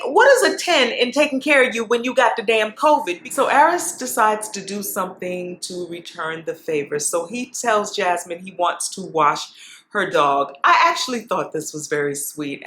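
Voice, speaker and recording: A woman's voice: medium pitch, roomy sound. A woman chatting casually as she recaps a reality show, telling stories with lots of asides. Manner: chatty, animated storytelling with asides. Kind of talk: casual chat.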